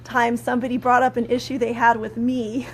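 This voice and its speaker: A woman's voice: fairly high pitch, a little fast, a little hiss or hum. A woman chatting casually in a live stream, rambling with lots of fillers, teaching about communication. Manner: rambling, filler-heavy, conversational; animated when acting out quoted anger. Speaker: spiritual teacher and prayer practitioner.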